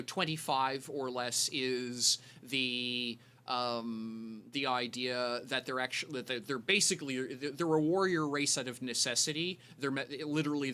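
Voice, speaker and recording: A man's voice: medium pitch, sharp tone. Rambling male game master. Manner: rambling, many fillers and restarts. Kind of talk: narrating a tabletop game.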